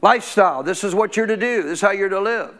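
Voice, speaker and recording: A man preaching from the pulpit in a fairly high voice. He reads scripture and keeps stopping to quiz the congregation, pressing them to answer out loud. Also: fast. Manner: call-and-response preaching, asks congregation questions. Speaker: pastor. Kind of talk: sermon. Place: church.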